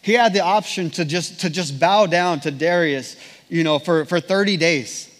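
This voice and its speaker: A man's voice: a little high, fairly bright tone. Earnest preacher man in a reverberant hall. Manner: earnest, measured preaching with repeated phrases. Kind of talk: sermon with scripture reading.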